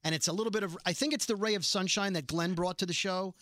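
A man hosts a casual podcast interview with a fan's enthusiasm. His voice sits high and his words come quickly. The sound is close and dry. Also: fairly bright tone, dry recording. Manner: chatty, enthusiastic fan. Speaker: podcast host.

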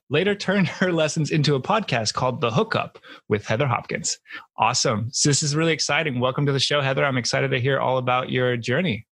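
An upbeat man hosts a casual dating podcast interview. His voice is a little husky, and it sounds dry and close with no room around it. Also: mid-range voice, fairly bright tone, dry recording. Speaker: podcast host.

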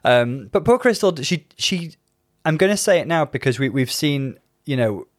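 A man's voice: fairly high pitch, animated, normal speed, no echo, studio quality. A man co-hosting a casual chat podcast, thoughtful and analytical, weighing stats and feelings. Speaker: podcast co-host.

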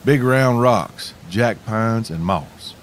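A man's voice: mid-range voice, lively intonation, takes it slowly, slight background noise. A man from Arkansas, telling a scripted outdoor story with dry, wry humor. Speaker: podcast host.

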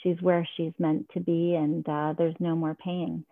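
A woman's voice: deep voice, level tone, unhurried, dry recording. A woman guest telling a personal story in an earnest, reflective, heartfelt way. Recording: tinny phone-line sound, dry.

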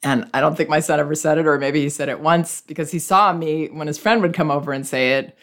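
A middle-aged woman hosting a parenting advice show, answering a listener's letter in a calm, gentle, reflective way. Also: low voice, fast.

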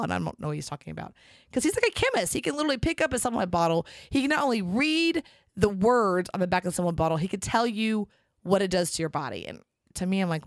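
A woman's voice: medium pitch, fairly quick, dry recording, clean studio sound. A middle-aged woman hosting a podcast, talking casually and chattily with lots of fillers. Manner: chatty and animated, many fillers. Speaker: podcast host. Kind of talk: casual monologue.

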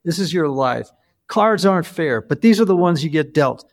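A man in his fifties hosting a podcast interview, telling stories earnestly with lively emphasis. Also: on the high side, normal speed. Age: 50s. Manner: earnest, storytelling, animated emphasis. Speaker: podcast host. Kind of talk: casual interview chat.

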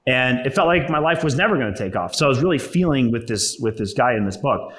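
A man's voice: mid-range voice, animated, quick pace, a bit bright. A young man, an entrepreneur, telling his own story in a blunt, profane, conversational way, full of "like" and "right?". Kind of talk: personal storytelling talk. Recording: roomy echo.

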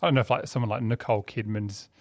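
A man's voice: on the low side, fairly even intonation, rapid-fire, dry recording. A man co-hosting a casual film review chat, talking easily and steering the talk back to the film.

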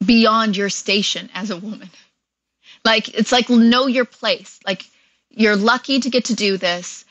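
Woman, actress guest, casual interview, bright tone, chatty with fillers, dry close sound. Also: mid-range voice, no room sound, rough recording. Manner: chatty, many fillers, laughs often.

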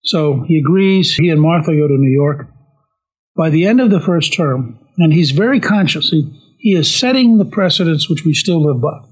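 A man with a husky, slightly raised voice tells history in an animated way. He slips into short quoted lines for the figures he talks about. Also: fairly high pitch, moderate pace, rough recording. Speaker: speaker on history. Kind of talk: history storytelling talk.

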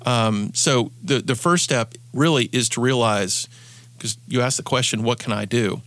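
A man's voice: mid-range voice, normal speed, a bit bright, dry recording. A man hosting an advice show as a coach, telling stories earnestly and often restarting his sentences. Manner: earnest storytelling, frequent restarts. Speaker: podcast host and coach.

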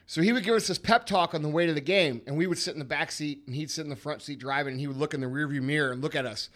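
A man in his thirties hosts a podcast, telling stories with emphatic, profane energy. His voice is bright and forceful, pitched a little high. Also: racing. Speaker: podcast host. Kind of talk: casual podcast chat.

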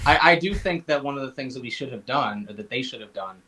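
A man at a mid pitch chats casually as a podcast guest. He rambles, restarts his sentences and fills the gaps with um and like. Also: expressive, fast talker, pushed and bright, low-quality recording. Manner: rambling, many fillers and restarts. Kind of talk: casual chat.

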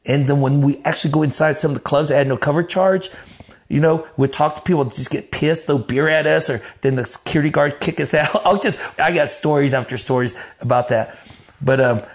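A man telling stories as an interview guest, animated and profane, acting out the voices of the people he quotes. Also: a little high, brisk. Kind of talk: casual storytelling in an interview.

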